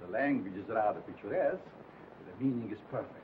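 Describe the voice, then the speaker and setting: An actor playing a suave, cold-blooded gang boss in a 1940s film, speaking with measured, formal diction. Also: male voice, on the low side, lively intonation, close to an everyday voice. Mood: menacing. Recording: tinny old film soundtrack with hiss.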